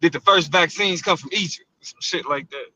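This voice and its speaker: A man's voice: a little high, moderate pace, crowd noise, rough recording. A man with speech, throwing in blunt, joking remarks in casual podcast chat.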